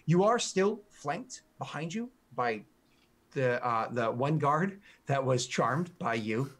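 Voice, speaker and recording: A man's voice: medium pitch, animated, takes it slowly. A man narrating a tabletop game as game master, rambling with restarts and fillers.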